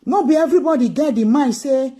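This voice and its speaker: Emphatic Nigerian woman commentator, mellow voice. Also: high-pitched, quick pace. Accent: Nigerian Pidgin English, Edo. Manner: emphatic, repeats key phrases. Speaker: political commentator. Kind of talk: live-streamed political commentary.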